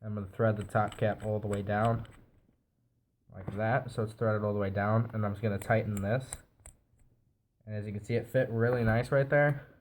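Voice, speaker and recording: A man's voice: fairly low pitch, normal speed, pauses often, a little hiss or hum, poor audio. A man with a nasal, stuffy voice from a cold, casually reviewing a device while he assembles it. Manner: relaxed, explains while assembling. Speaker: product reviewer.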